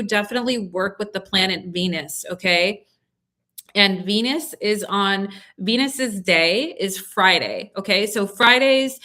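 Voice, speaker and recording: Young woman doing live tarot readings, bright voice, soothing, keeps saying okay?. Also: mid-range voice. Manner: soothing, reassuring, lots of "okay?" check-ins. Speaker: tarot reader.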